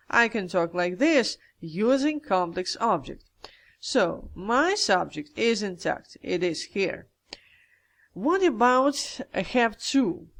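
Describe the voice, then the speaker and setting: A grammar teacher explains a lesson step by step in a medium-pitched, fairly bright voice. He thinks aloud as he goes, methodically working through each point and speaking straight to viewers, whom he calls "guys."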